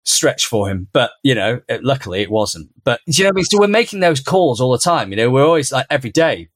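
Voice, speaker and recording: Brief: male podcast co-host, mid-pitched, animated storyteller, dry close mic. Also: quick pace, no room sound. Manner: animated, acts out quoted lines in a much higher voice. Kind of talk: casual conversational storytelling.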